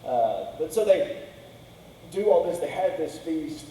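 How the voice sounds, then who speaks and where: Man, casual sermon, dark mellow voice, echoey church hall from a distance. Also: fairly high pitch, animated, slow, a little hiss or hum. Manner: conversational, acts out characters' quotes with "he's like". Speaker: pastor. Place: church sanctuary.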